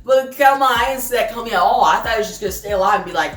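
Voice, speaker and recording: A woman's voice: on the high side, very fast, fairly bright tone. A woman casually recapping a comic book issue, retelling the plot with lots of "like" and filler words. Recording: roomy distant recording with faint music.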